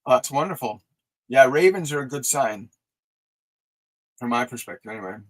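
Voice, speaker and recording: A man hosting a live stream of spiritual guidance, talking softly and slowly as he leads breathing exercises and answers viewer messages. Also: medium pitch, lively intonation, poor audio. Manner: soft, slow, soothing guided instructions; reads viewer messages aloud and answers them. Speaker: psychic reader and host.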